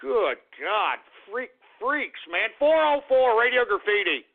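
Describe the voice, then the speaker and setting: A man's voice: extremely high pitch, big pitch swings, slow. A man hosting a call-in radio show, exasperated and repeating himself, often ending with "man" and "for Christ's sake.". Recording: narrow phone-like lo-fi sound.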